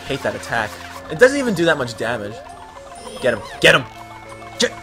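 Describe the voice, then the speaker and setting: A man's voice: medium pitch, big pitch swings, normal speed, pauses often, sharp tone, soft background music. A young man from the US East Coast, hosting a let's play with rambling, jokey, easily sidetracked game commentary.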